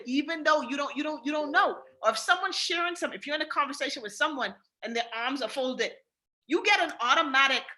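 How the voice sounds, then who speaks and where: A woman from the Bahamas with a Bahamian accent coaches her team on a training call. Her voice sits high and swings widely, with a bright edge. She repeats her points emphatically and talks straight to her listeners. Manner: emphatic, repetitive, addresses listeners directly.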